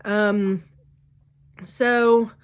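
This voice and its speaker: A woman's voice: medium pitch, steady tone, extremely slow, clear, resonant tone. A woman vlogger telling a personal story in a casual, candid way, full of "um" and "like". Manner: chatty, full of fillers like "um" and "like"; candid, openly emotional.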